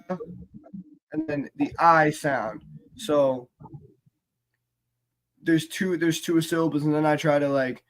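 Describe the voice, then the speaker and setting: Casual podcast co-host, a man, pitched a bit high, stop-start delivery full of fillers. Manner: halting, with many fillers and restarts. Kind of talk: casual chat about writing rap lyrics.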